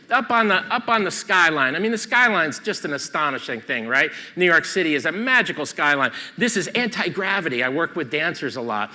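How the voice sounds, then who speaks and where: A man's voice: high-pitched, pushed and bright, long reverb tail. Punchy, emphatic man on a stage. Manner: emphatic, punchy, keeps asking "okay?". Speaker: photographer giving a stage seminar. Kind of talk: animated stage talk. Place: convention stage hall.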